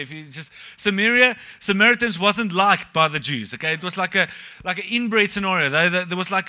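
A young male pastor with a high, sharp voice preaches a sermon at a church service. His style is casual and joking, and he puts questions to the congregation.

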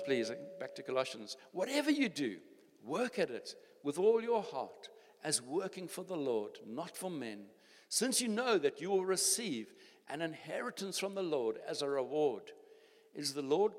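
South African older pastor in a reverberant hall. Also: male voice, fairly high pitch. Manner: exhorting, repeats phrases, many restarts. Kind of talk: sermon. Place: church hall.

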